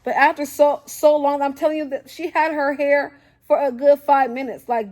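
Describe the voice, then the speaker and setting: A young woman telling a casual storytime, animated and full of fillers, acting out what people said. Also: high voice, normal speed. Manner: animated, acts out quotes, frequent fillers.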